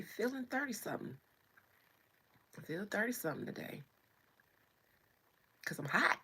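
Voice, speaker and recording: A woman's voice: fairly high pitch, a bit bright, husky. A woman hosting a livestream, chatting playfully with viewers and greeting them by name. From United States. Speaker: livestream host. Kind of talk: casual chat with viewers.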